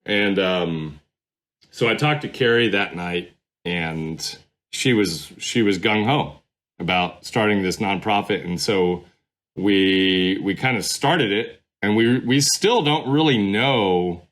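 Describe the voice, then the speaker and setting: A man's voice: lowish voice, slow pace, fairly bright tone. A middle-aged man, a former pastor, telling his story as a podcast guest in a rambling, casual way. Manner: rambling, many fillers and restarts.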